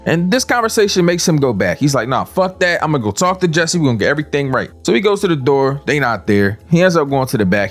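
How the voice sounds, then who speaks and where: A man casually recapping a TV story with slang, profanity and joking asides. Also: medium pitch. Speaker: recap video host.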